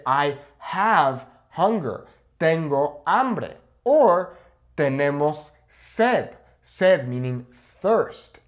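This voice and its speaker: Male language teacher, animated delivery, clear explanations. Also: fairly high pitch. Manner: clear, explanatory, slows down to model Spanish phrases. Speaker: Spanish teacher. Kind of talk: language lesson.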